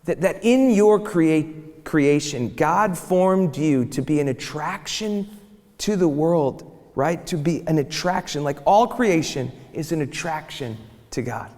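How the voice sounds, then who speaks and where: A man's voice: fairly high pitch, lively intonation, slow, a little mellow. A man speaking reflectively in a live interview, searching for his words and pressing on key points. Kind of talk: live onstage interview talk. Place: church hall in front of an audience. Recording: long church reverb.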